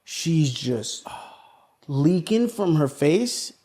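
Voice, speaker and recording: Animated, high-voiced storytelling man. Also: extremely slow. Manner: animated, swearing, acts out voices in his stories. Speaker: podcast host. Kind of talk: casual chat, storytelling.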